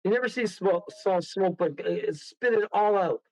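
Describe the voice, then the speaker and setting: A man telling a story as a guest on a radio show. He rambles excitedly, laughs often and keeps restarting his sentences. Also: sits high, moderate pace, vocal fry, dry recording. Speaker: guest medium. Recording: dull, dry lo-fi sound.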